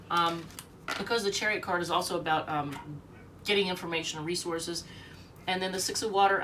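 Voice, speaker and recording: A woman's voice: lowish voice, a bit bright, recorded from a distance, slight background noise. A sick, short-of-breath woman giving a rambling, chatty tarot reading at home, reading the card meanings aloud. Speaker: tarot reader.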